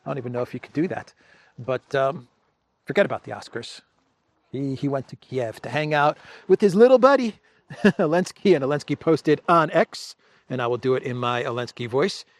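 A man's voice: medium pitch, normal speed, dry recording. A man hosting a political commentary show, talking casually and wryly, chuckling, with loose restarts.

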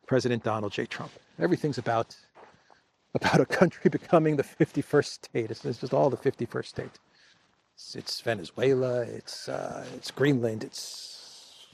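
Male commentary host, gravelly fry, mid pitch, wry and casual. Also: a little hiss or hum. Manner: wry, chuckling, loose with restarts. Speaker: host of a political commentary show.

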